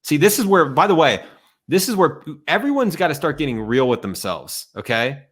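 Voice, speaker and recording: A man's voice: a little high, sing-song, normal speed, fairly bright tone, breathy edge. A man, a guest on a live stream, giving a fired-up motivational talk that bluntly calls out excuses over a video call.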